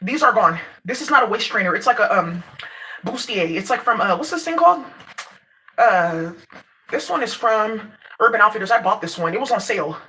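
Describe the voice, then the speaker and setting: A woman's voice: mid-range voice, lively intonation, fairly quick, pushed and bright. A woman from Nigeria, ranting casually to her viewers, brash and profane, laughing as she talks. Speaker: vlogger. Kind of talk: casual rant to camera.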